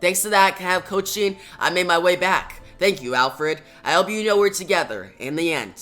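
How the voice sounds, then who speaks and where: A reviewer reading a calm kind male hero. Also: normal speed, soft background music, natural voice. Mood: earnest. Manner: read out plainly, a little lower and softer.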